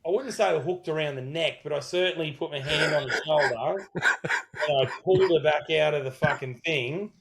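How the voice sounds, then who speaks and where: A man's voice: on the high side, moderate pace, gravelly, a crowd in the background. Profane Aussie man spinning a pub yarn. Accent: Australian. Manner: profane, rambling storyteller with many restarts. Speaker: podcast co-host. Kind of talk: casual storytelling chat.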